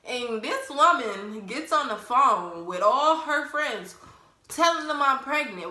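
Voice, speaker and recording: A woman's voice: high voice, expressive, takes it slowly, pushed and bright. A young woman telling a personal story in a casual, blunt way, cussing freely and laughing at herself. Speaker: vlogger. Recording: roomy echo.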